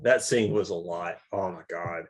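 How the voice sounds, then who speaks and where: A young man with a somewhat low voice reviews a film in a relaxed back-and-forth. He gets excited and stammers, repeating words and restarting his sentences as he goes. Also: normal speed. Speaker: movie reviewer. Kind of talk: casual chat.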